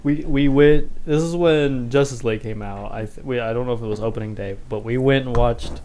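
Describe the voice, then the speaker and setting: Brief: easygoing male co-host, mid pitch, chuckling, self-deprecating. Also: fairly quick, darkish tone, slight background noise. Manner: laid-back, self-deprecating, laughs often. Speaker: podcast co-host. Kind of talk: casual group chat. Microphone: headphones on, at a desk mic.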